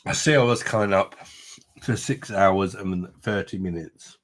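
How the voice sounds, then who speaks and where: Deep-voiced man chatting tipsy. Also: a little slow. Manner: chatty, banter, swears casually. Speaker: beer review livestream host. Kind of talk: casual live stream chat.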